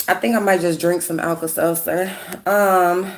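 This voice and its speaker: A woman with a sick, hoarse voice chatting casually with viewers while doing her makeup, greeting them by name and gossiping. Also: fairly low pitch, fairly even intonation, moderate pace, background noise. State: sick, hoarse voice with a runny nose. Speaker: YouTube commentary host.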